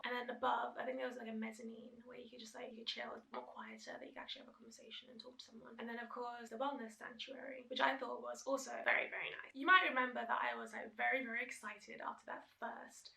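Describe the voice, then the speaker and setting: Bright, gravelly woman vlogging. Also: fairly high pitch, roomy sound, recorded from a distance, low-quality recording. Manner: chatty, lots of fillers and restarts. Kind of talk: casual storytelling to camera.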